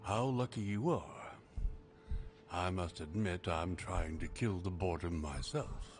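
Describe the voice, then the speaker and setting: An actor playing a bored, gossip-hungry statesman in a video game, speaking in a measured, dry way. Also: low voice, slight background noise.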